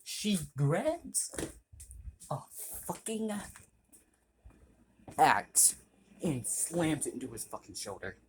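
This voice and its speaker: A man's voice: medium pitch, a little hiss or hum. A man casually narrating an improvised story, rambling, swearing and correcting himself.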